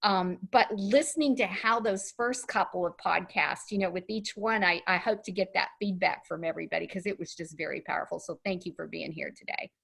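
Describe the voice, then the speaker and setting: A woman's voice: on the low side, fairly quick, vocal fry, few pauses, fairly bright tone, slightly rough. A woman in her sixties hosting a podcast interview, chatty and laughing lightly between her points. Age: 60s. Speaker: podcast host. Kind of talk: casual conversational interview.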